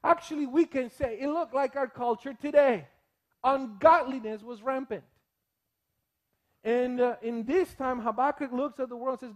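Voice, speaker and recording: A man delivers a sermon from the pulpit with an unusually high-pitched voice. His delivery is animated, and he breaks into quick impressions of the people in his stories. He teaches and jokes with the congregation as he goes. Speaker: pastor.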